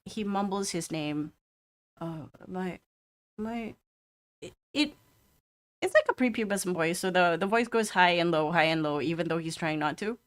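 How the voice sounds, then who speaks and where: A woman narrating as game master in a tabletop game, describing scenes in a loose, halting way. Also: lowish voice, smooth. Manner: descriptive, with many fillers and restarts.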